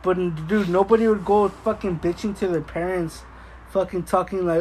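A man's voice: sits high, fairly even intonation, normal speed, darkish tone, a little hiss or hum, poor audio. A young man telling a story in casual chat, profane and laughing often. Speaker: podcast co-host.

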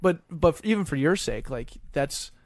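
A man hosting a podcast, asking rambling, halting questions full of restarts. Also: on the high side, lively intonation, no echo. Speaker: podcast host. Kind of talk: casual chat.

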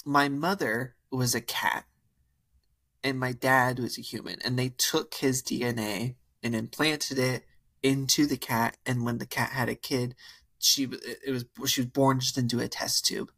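A man's voice: mid-range voice, steady tone, a bit bright, no room sound. Young man quoting a teen girl claiming to be part cat. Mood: earnest. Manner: rambling, earnest, halting.

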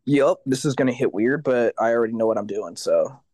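A man's voice: mid-range voice, expressive, a little fast, darkish tone, no room sound. A man, a guest vocalist in a casual interview, telling stories animatedly, acting out the voices of others and swearing casually.

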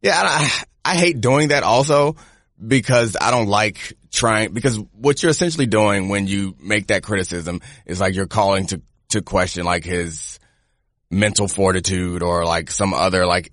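A man's voice: low voice, normal speed, fairly bright tone, no echo, studio quality. A man who once played pro football co-hosts a podcast, reasoning through football talk in a laid-back way and laughing often. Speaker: podcast co-host, former player. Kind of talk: casual sports analysis.

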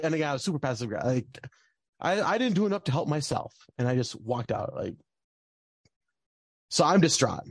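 A man's voice: mid-range voice, expressive, normal speed, pauses often, no echo. A young man telling a personal story in a casual, rambling way, with lots of fillers and bursts of frustration. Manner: rambling, many fillers, gets heated and swears.

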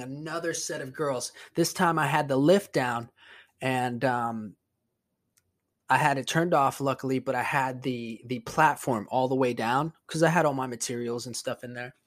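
A man hosting a podcast, telling a rambling, profane story in a casual monologue, sounding exasperated. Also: mid-range voice. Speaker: podcast host.

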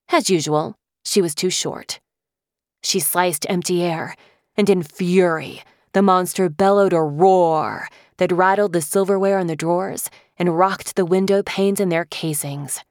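A woman with a lowish voice reads a middle-grade fantasy aloud in a measured, vivid way. The recording is dry and close, with no room sound at all. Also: darkish tone, no room sound. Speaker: audiobook narrator. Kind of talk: scripted narration.

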